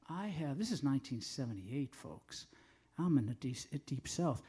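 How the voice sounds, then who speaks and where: A man's voice: medium pitch, lively intonation, normal speed, dark tone, slightly rough. An older man from the northern United States, a singer-songwriter, telling rambling, self-deprecating stories between songs at a live café show.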